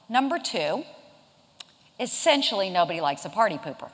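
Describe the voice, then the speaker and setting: A woman in her fifties from South Carolina tells a lively story in a keynote talk. Her voice jumps around a lot in pitch, and she mixes humor with a chatty delivery. The sound carries a long reverb from a lecture hall. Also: moderate pace. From Charleston, South Carolina. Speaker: keynote speaker. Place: event hall.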